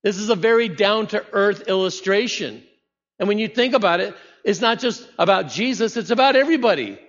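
A man's voice: sits high, animated, moderate pace, a bit bright. A male pastor delivers a conversational sermon and keeps asking his listeners questions. His voice carries a long reverb from the church around him. The recording sounds slightly muffled. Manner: conversational preaching with rhetorical questions.

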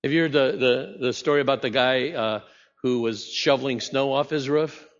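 Male pastor, conversational sermon, rhetorical questions, mid-pitched voice, long church reverb. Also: steady tone, moderate pace. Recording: muffled sound in a reverberant hall.

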